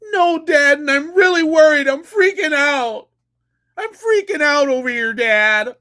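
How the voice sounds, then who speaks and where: A man's voice: lively intonation, drawn-out words, clear, resonant tone, no echo, clean studio sound, heavily acted. A man doing a whiny panicky young guy. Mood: mock-panicked. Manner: high, loud, whining, mocking.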